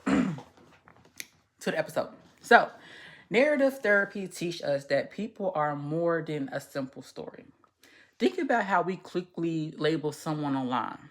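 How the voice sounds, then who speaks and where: Woman, podcast host, social worker, casual commentary, candid, profane, rambling, stumbles over words. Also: fairly low pitch.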